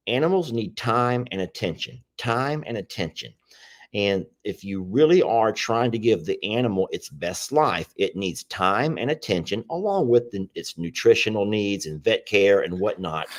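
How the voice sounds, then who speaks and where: A man's voice: on the low side, darkish tone. A man hosting a casual livestream chat about his animal sanctuary, talking in a rambling, repetitive way. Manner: rambling, chatty, repeats himself.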